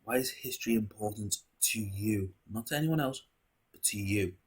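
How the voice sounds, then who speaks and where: A man with a slightly low, husky voice hosts a video, talking straight to his viewers. He muses in a philosophical monologue and keeps posing rhetorical questions back to them. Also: moderate pace. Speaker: video host.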